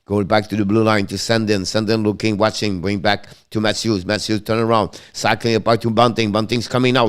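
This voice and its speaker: French accent guy calling hockey play by play on a stream, lowish smooth voice, rattling off every pass. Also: steady tone, a bit bright. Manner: rapid running commentary in broken English, names each pass. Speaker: play-by-play commentator and stream host.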